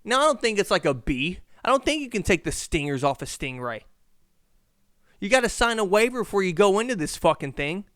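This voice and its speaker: A man hosting a casual solo podcast, telling a story in an animated, profane way. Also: high voice, brisk, dry recording, clean studio sound. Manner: animated, profane, shouts in reenactments. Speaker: podcast host. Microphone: podcast mic.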